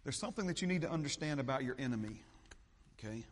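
Preaching man in an echoing hall. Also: quick pace. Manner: preaching, swings between loud fervent peaks and low steady teaching. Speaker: pastor. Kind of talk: sermon. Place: church sanctuary.

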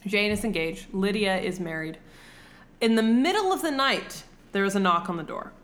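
A young adult woman hosting a comedy podcast, retelling a classic story in an irreverent, swearing way with deadpan asides. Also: mid-range voice, moderate pace. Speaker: podcast host.

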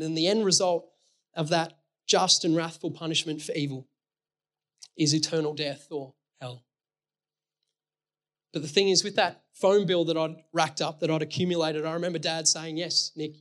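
High-voiced man preaching a sermon. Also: a bit bright. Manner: earnest, explains with everyday illustrations and scripture.

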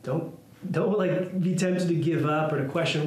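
Pastor preaching with a slightly high voice in an echoey room. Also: male voice, steady tone, normal speed, a little mellow. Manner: conversational, thinking aloud with restarts. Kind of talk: sermon.

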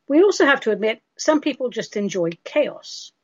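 A woman's voice: fairly high pitch, sing-song, normal speed, darkish tone, breathy edge, dry recording. A woman radio host from England gives spiritual advice, chatting emphatically through listener questions. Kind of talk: casual radio talk answering listener questions. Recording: dull lo-fi radio recording.

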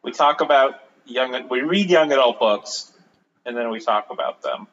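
A man's voice: medium pitch, normal speed, fairly bright tone, long reverb tail, lo-fi sound, slight background noise. A man co-hosting a podcast, reading a book passage aloud and chatting playfully, laughing easily. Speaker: podcast co-host. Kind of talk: casual chat and reading aloud.

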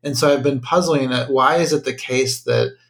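A man hosts an interview and poses long questions at a measured pace. He often searches for his words. His voice is gravelly with a strong fry. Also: mid-range voice, fairly even intonation, fairly bright tone. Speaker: podcast host.

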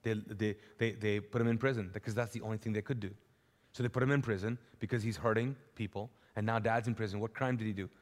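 A male pastor preaching a sermon live in a large church, with animated, repetitive storytelling. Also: on the low side, fast. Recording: live church hall with long reverb.

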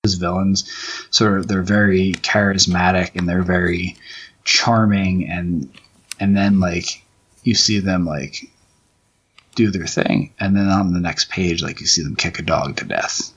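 Deep husky man talking comics. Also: steady tone, fairly bright tone, muffled recording. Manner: rambling, halting, many restarts and fillers. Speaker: comic book writer. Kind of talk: commentary track, casual chat.

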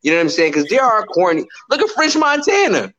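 A man co-hosting a podcast in casual chat, animated and playful, acting out little quotes as he talks. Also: high-pitched, a little fast, dull audio. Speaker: podcast co-host.

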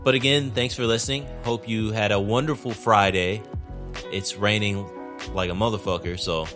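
Low-voiced rambling podcast man. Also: fairly even intonation, moderate pace, over music. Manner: rambling, profane, self-deprecating, many restarts. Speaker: podcast host. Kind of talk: casual solo podcast monologue. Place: indoors at home, rainy night.

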